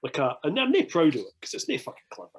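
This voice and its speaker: Husky Scottish man telling stories. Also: on the high side, fast talker, low-quality recording. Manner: animated anecdote-telling, heavy swearing. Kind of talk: casual podcast chat.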